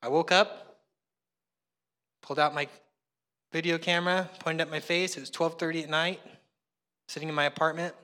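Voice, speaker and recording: A male pastor preaches in a chatty, self-mocking storytelling way. His voice sits high and sounds bright and forceful. The sound trails off in long reverb from a large hall. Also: steady tone, moderate pace, pauses often. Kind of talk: sermon.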